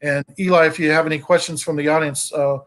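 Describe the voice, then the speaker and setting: A man's voice: a little high, fairly even intonation, quick pace, a bit bright. A man interviewing on a video call, friendly and encouraging, sometimes repeating words. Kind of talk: casual livestream interview.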